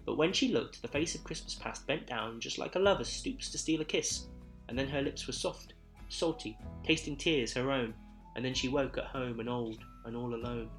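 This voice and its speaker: A man narrating a Christmas story in verse with a measured, rhythmic delivery. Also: medium pitch, a bit bright, soft background music.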